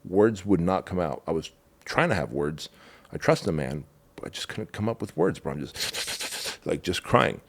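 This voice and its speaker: This is a middle-aged man with a low, deep voice, speaking as a podcast guest. He tells his story with raw, candid emotion, dropping curse words and casual slang as he goes. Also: lively intonation, moderate pace, gravelly. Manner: raw and emotional, swears, calls the listener bro.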